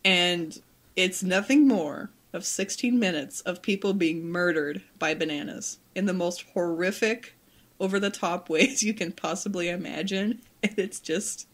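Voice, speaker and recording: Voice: medium pitch, unhurried, a bit bright. A podcast host who chats casually and enthusiastically, enunciating every word. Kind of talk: casual chat.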